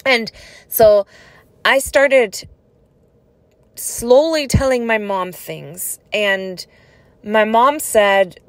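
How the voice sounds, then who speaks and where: A woman's voice: fairly high pitch, drawn-out words, long pauses, no echo. A woman telling her own life story in a personal vlog, speaking in an earnest, conversational and reflective way.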